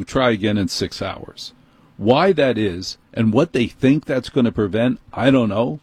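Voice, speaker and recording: A man with a New York accent hosting a call-in radio show, telling a story in an animated, indignant way. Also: medium pitch, slightly rough, dry recording. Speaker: radio talk show host. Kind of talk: call-in talk radio monologue. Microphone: studio microphone.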